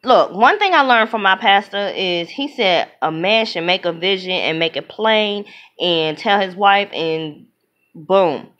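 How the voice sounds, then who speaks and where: A woman giving an opinionated movie review in casual talk, emphatic and animated, often acting out what other people say. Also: medium pitch, a little slow. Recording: dull lo-fi sound.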